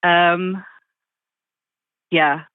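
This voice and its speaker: A woman calling in to an advice show, speaking in a soft, agreeable and slightly hesitant way. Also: lowish voice, level tone, extremely slow, clean tone, no room sound. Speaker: caller. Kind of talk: phone-in conversation. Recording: tinny phone line.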